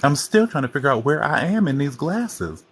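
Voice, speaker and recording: A man's voice: on the high side, very animated, moderate pace, breathy edge. A man hosting a casual livestream chat on his phone, rambling and chatty as he jumps from topic to topic. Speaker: host.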